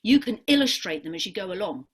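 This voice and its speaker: A woman's voice: mid-range voice, expressive, quick pace, a bit bright, husky. A woman hosting a playful children's rhyme show, telling stories in an encouraging, sing-song way.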